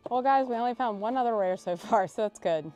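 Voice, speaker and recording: A woman hosting a casual live stream while opening cards, excitable and emotional, swearing freely. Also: on the high side, brisk. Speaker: livestream host.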